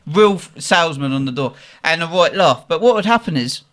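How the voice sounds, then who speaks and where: Animated bloke telling stories. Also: male voice, fairly high pitch, brisk, hardly any pauses. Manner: animated, acts out voices in anecdotes. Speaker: podcast host. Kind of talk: casual storytelling chat.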